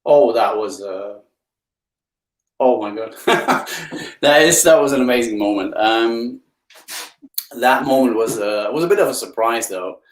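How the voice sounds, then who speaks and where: Animated Belgian man telling stories. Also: unhurried, pauses often, reverberant, poor audio. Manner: enthusiastic storyteller, swings pitch up for emphasis. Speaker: guest speaker. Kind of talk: live interview chat. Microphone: video call.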